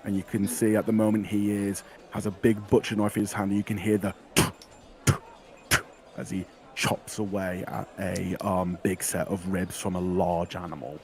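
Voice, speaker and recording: A man's voice: low voice, little pitch movement, moderate pace, a little mellow. A man narrating as game master in a tabletop game, describing scenes at length. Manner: descriptive, with restarts and fillers.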